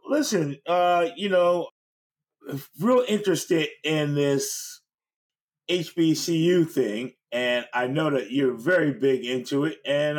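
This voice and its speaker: A man hosting a podcast, asking questions in a relaxed, chuckling manner of casual banter. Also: fairly high pitch. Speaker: podcast host. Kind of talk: casual interview.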